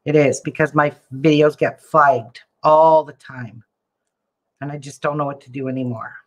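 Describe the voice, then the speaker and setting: A woman's voice: deep voice, steady tone, moderate pace. A woman crafting vlogger chatting casually to the camera as she works, often muttering to herself in exasperation.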